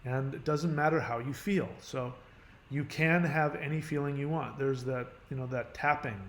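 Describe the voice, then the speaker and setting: A man's voice: medium pitch, normal speed, echoey room. A middle-aged man talking casually and rambling through an advice monologue, often restarting his sentences and using many "you know"s. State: has a headache. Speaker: channel host giving advice.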